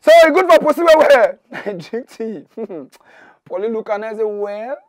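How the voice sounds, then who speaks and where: A man speaking Nigerian Pidgin as a mock news host, delivering excitable, mocking comic commentary that swings between shouting and muttering. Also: sits high, measured pace, no echo.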